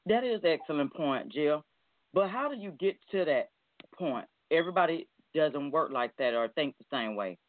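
A man's voice: a little high, lively intonation, moderate pace. A man hosting an interview, asking questions in a loose, conversational way. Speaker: radio show host. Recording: dry, tinny phone line.

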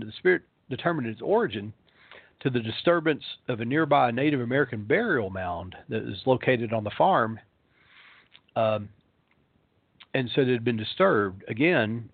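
A man's voice: mid-range voice, animated, moderate pace, husky, no echo. A male pastor, telling a ghost story in a rambling way, full of ums and uhs, heard over a phone line. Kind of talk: storytelling on a talk show.

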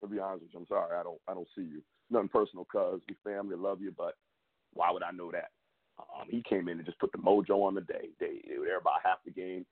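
A young man hosting his own sports show, venting in a fired-up, repetitive way with big jumps in pitch. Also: fairly even intonation, quick pace, breathy edge. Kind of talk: fan rant and commentary. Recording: tinny phone-like audio.

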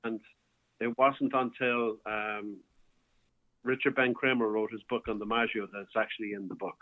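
A man's voice: on the low side, steady tone, moderate pace. A man, a bar owner, telling a long rambling story as a guest, with many restarts and fillers. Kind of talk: casual storytelling. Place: home, calling in by phone. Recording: tinny phone line.

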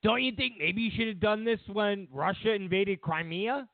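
A man's voice: sits high, moderate pace, no room sound. A man hosting a talk show, delivering a sarcastic, mocking political rant. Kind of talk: political commentary monologue. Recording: tinny phone-like dry sound.

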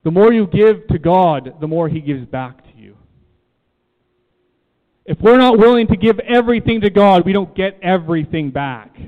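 Animated and high-voiced, a man preaches a sermon at normal speed to a church room. He's emphatic, repeats his key phrases, and questions the listeners; the sound is thin like a phone and trails off in long reverb.

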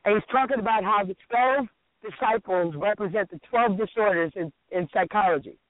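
A man's voice: high voice, a little fast, no room sound. A man co-hosting a radio talk show, telling stories animatedly, swearing and acting out other people's lines. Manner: animated, profane, acts out quotes. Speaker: radio co-host. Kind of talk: casual storytelling chat. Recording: tinny phone-like radio audio.

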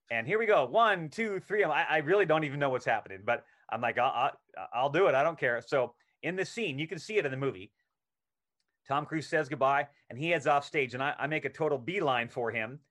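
Animated man telling a story. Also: fairly high pitch, a little fast. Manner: animated anecdote telling, acts out quoted lines. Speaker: actor as podcast guest. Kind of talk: casual storytelling interview.

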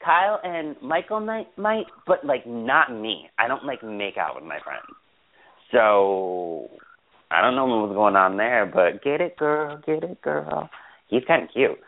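Male podcast host, gossipy and exclamatory, animated delivery, phone-quality audio. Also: on the low side, a little slow, no echo. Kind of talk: casual chat.

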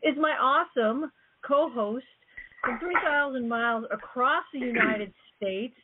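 A woman hosting a radio show in casual, rambling chat, her voice going hoarse. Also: sits high, a little slow, very noisy. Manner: chatty, rambling, joking. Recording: phone-like narrow band.

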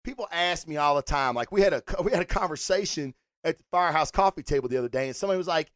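A man's voice: on the high side, rapid-fire, hardly any pauses, no echo, studio quality. Rambling, foul-mouthed man reviewing comics. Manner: rambling, swears a lot, animated. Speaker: podcast host, comic reviewer. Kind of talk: casual solo review rant.

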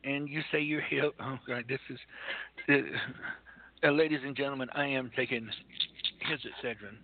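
A man's voice: medium pitch, steady tone, normal speed, a little hiss or hum. Stammering, exasperated man on a phone line. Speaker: radio show co-host. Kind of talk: comedic mock interview. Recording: tinny phone-like lo-fi recording.

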